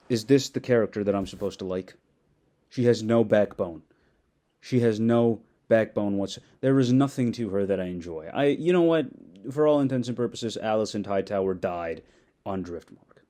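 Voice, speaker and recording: A man's voice: lowish voice, mellow. A man ranting sarcastically in a commentary video, mocking and exasperated, with frequent swearing.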